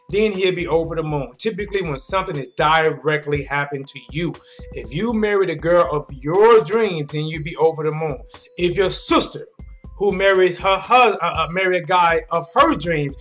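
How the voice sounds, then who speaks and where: A man reacting live to a sports interview, talking straight to his audience with lots of emphasis. His voice sits fairly high, and faint music runs beneath him. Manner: animated, emphatic, talks straight to viewers. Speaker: sports commentary host.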